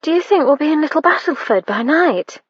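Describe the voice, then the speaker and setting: A woman's voice: high voice, animated, fairly quick, no room sound, highs cut off, pitched above the performer's own voice. A woman voicing an earnest, anxious young maid who blurts out questions.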